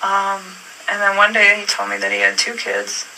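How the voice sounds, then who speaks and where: A woman's voice: mid-range voice, very animated, moderate pace, vocal fry, sharp tone. A woman answering questions in a police interview room, telling her story hesitantly with many fillers and restarts. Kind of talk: police interview, recounting events. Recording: distant room recording with faint noise.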